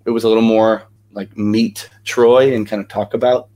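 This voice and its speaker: A man's voice: on the low side, flat delivery, moderate pace, warm tone. A young man, a guest actor, telling stories in a casual interview with lots of energy and many fillers.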